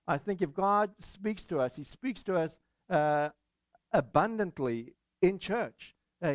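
A pastor giving a sermon, measured and encouraging, pausing often with "uh". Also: male voice, high-pitched, darkish tone, no echo, lo-fi sound. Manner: measured, many "uh" fillers, encouraging.

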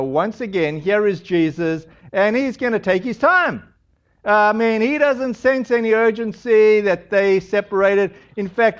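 A man's voice: sits high, highs cut off. A man preaching a sermon in a casual, chatty way, retelling a scripture passage with frequent asides. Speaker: pastor. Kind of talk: conversational sermon.

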